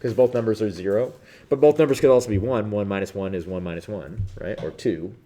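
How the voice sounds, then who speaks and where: A man with a Midwestern accent, teaching a math review lesson in a classroom, animated and joking as he talks through each step. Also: fairly low pitch, brisk. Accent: Midwestern American. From Midwestern United States.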